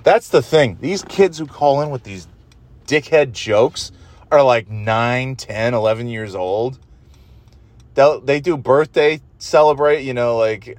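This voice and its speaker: A man's voice: mid-range voice, a little slow, darkish tone, no echo. A man hosting his own show, ranting in a profane, exasperated, rambling way while sitting in a car. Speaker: podcast host. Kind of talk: solo rambling rant.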